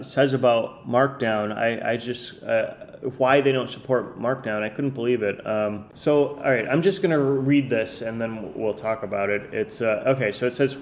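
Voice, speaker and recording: A man's voice: medium pitch, slight background noise. A man with a mid-range voice hosts a casual podcast. He talks in an incredulous, rambling way, full of fillers and false starts. He reads a passage aloud and then picks it apart. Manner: hesitant, many restarts and fillers, incredulous. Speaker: podcast host.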